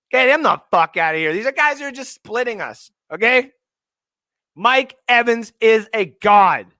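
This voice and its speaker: A man's voice: sits high, bright, forceful tone, dry recording, clean studio sound. A man hosting a fantasy football show, ranting emotionally and swearing freely as he gives his picks. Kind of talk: live sports talk stream.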